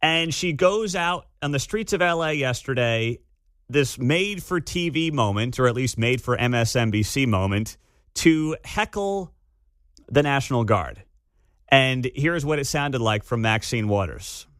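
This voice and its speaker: A man's voice: mid-range voice, measured pace, dry recording. A man hosting a talk radio show, delivering sarcastic commentary from a studio. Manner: sarcastic, lively. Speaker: radio host. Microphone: studio microphone.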